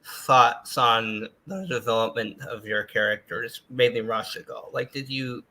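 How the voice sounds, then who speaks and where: Bright-voiced man hosting a podcast. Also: mid-range voice, measured pace, rough recording. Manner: chatty, casual, swears, restarts. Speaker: podcast host. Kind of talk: casual podcast interview.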